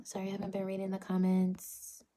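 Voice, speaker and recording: A woman's voice: medium pitch, monotone, brisk, mellow. A young woman from North Carolina, chatting casually on a phone livestream at home and laughing often. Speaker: vlogger answering live comments. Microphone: phone front camera.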